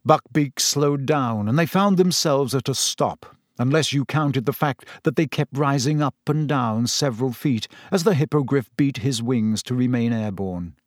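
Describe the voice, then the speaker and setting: A man narrating a story in measured, scripted storytelling. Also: medium pitch, no room sound, clean studio sound. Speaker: audiobook narrator.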